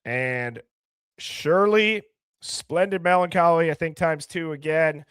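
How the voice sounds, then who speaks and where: A man's voice: on the high side, clean tone, no echo, studio quality. A man hosting a live call-in stream, greeting viewers by name in a playful, chatty way. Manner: rapid shout-outs, playful and chatty. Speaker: live call-in show host. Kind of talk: casual live-stream chat.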